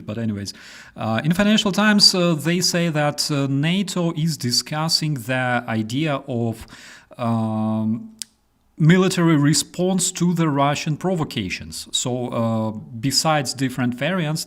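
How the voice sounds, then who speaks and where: A young Ukrainian man hosting a casual chat in English with a Ukrainian accent, telling stories with many fillers and restarts. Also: medium pitch. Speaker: host.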